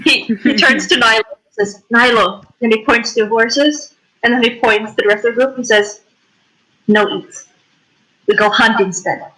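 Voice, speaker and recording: A woman's voice: fairly high pitch, fairly even intonation, normal speed, bright, forceful tone, rough recording. A woman playing a tabletop game, casually narrating her character's actions. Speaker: player. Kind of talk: tabletop role-play chat.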